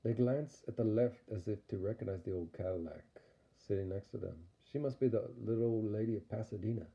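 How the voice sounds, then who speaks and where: A man's voice: on the low side, brisk. A man narrating an audio story in a rambling, playful way. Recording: dull lo-fi recording.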